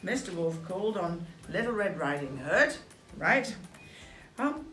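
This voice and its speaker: A woman with an English accent reading a picture book aloud in a playful, animated way, with chatty asides. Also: fairly low pitch, moderate pace, faint music behind. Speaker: storybook reader. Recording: echoey room.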